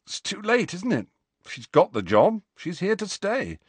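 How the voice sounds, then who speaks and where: A man's voice: high voice, huge pitch swings, a little slow, husky, no room sound, pitched above the performer's own voice, exaggerated voice. A man voicing a glum, blunt teenage boy who grumbles and complains. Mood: grumbling.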